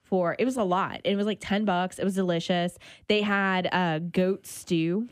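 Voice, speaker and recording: A woman's voice: mid-range voice, normal speed, no echo, studio quality. A woman hosting a local radio food show, chatting casually about restaurants and dishes she tried. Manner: chatty, animated about food, self-conscious laughs. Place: radio studio.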